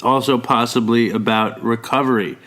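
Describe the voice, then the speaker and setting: A man's voice: medium pitch, steady tone, normal speed, a bit bright. Male podcast co-host, casual chat, nervous and rambling, mid-range voice. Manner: nervous, rambling storyteller who acts out voices. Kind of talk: casual chat with comic impressions.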